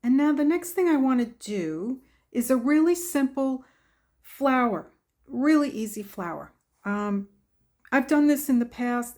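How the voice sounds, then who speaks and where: Here the painting tutorial host's voice is fairly high, expressive, and darkish in tone. She takes things slowly and casually in her demonstration, talking to herself as she paints.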